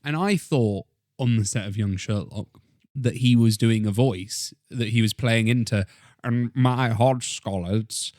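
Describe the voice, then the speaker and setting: A man co-hosting a film review podcast, eager and quick to agree, with animated asides. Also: fairly low pitch, no echo, clean studio sound. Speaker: podcast co-host. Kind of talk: casual film review chat.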